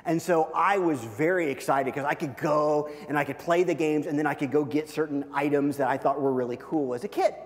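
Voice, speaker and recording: A man preaching through a story, lively at times and dropping to a hushed near-whisper at the tender moments. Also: a little high. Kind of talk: storytelling sermon. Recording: long hall reverb.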